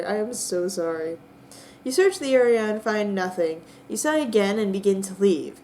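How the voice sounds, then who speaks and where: A young woman narrating a text adventure game with bemused, drawn-out comic disbelief. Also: mid-range voice, darkish tone, slight background noise. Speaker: player and narrator.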